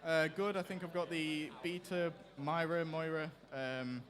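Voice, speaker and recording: A man's voice: a little high, steady tone, a little slow, fairly bright tone. A man being interviewed after his robot's fight, talking in a casual, hesitant, practical way. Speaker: robot driver. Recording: reverberant hall.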